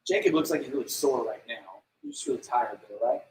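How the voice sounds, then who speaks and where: In a mid-range, darkish voice, a man speaks briskly through a casual youth sermon. The youth pastor sounds conversational, says "like" often, puts questions to the room and acts out prayers in little voices, all recorded from afar in an echoey room.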